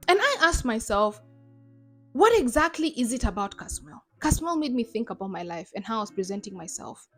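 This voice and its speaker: A woman's voice: a little high, sing-song, brisk, fairly bright tone, faint music behind. A young adult woman from Zimbabwe giving emphatic, sarcastic commentary in a vlog. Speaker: YouTuber.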